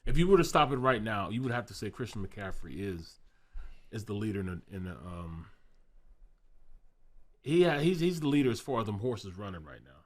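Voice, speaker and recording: A man's voice: on the low side, very animated, fairly quick. A man on a sports betting panel, chatting casually and often stammering and repeating words.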